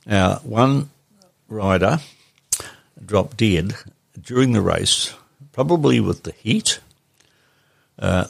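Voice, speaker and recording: A man's voice: fairly low pitch, creaky, slightly rough, no room sound. An older man reminiscing plainly as an interview guest, matter-of-fact. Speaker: podcast guest.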